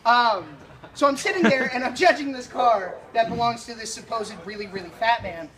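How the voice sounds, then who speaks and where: A man doing stand-up comedy, telling an animated story, swearing and acting out the scene. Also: sits high, fairly quick, distant mic, crowd noise.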